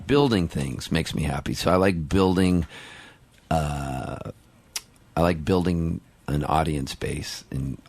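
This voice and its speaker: A middle-aged man, a musician guest in a casual radio interview, talking in an excitable, rambling way with quick restarts. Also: sits low, vocal fry, no echo.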